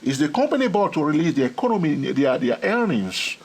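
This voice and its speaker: A trading educator with a husky, slightly high voice delivers an excitable teaching monologue at a quick pace. He's animated and clearly thrilled by his subject, laughing often and tacking "all right?" and "okay?" onto nearly everything.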